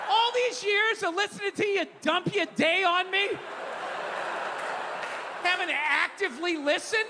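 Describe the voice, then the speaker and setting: A middle-aged man doing a profane stand-up routine, ranting and shouting bits to a live audience. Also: very high voice, normal speed. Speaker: stand-up comedian. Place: stage before a live audience. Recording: live venue with long reverb, light crowd noise.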